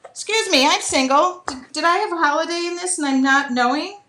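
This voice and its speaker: A woman's voice: very high voice, fairly quick, bright, forceful tone. A middle-aged woman hosting a live art journaling demo, chatting casually and laughing often as she works. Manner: chatty, laughs often, talks while working.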